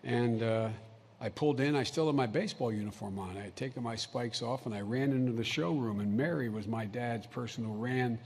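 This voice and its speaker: A man's voice: medium pitch, brisk, darkish tone, slightly rough. An older man giving a folksy, anecdotal public speech as vice president. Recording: long hall reverb, faint ambience.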